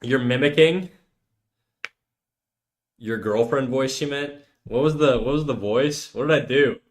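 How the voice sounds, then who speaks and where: A young American man streams while he draws, chatting with viewers in a joking, ranting style full of swearing and mock outrage. His voice is mid-range and his pace is measured.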